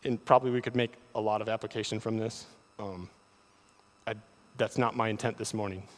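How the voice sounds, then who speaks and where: A man preaching a sermon, often repeating words as he starts a thought, with animated delivery. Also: lowish voice, fairly quick. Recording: long hall reverb.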